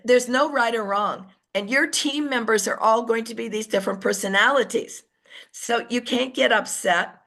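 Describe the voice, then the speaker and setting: A woman coaching her sales team over an online call, at a middle pitch for a woman. She talks in a chatty, storytelling way and slips into little put-on voices as she quotes people. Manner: lively storyteller who acts out quoted voices. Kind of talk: motivational team training talk.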